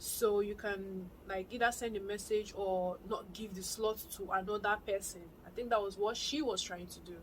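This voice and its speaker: A young adult woman with a Nigerian accent, telling a personal story to her vlog viewers in a lively, excitable way. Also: mid-range voice, normal speed, hardly any pauses, a little hiss or hum, poor audio. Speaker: vlogger. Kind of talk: casual storytelling to camera.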